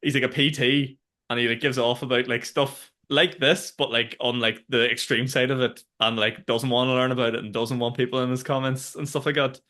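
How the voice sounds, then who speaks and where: Northern irish guy talking quick, sharp bright voice, cursing, animated stories. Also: mid-range voice. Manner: animated storyteller, swears freely. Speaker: podcast co-host. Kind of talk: casual chat.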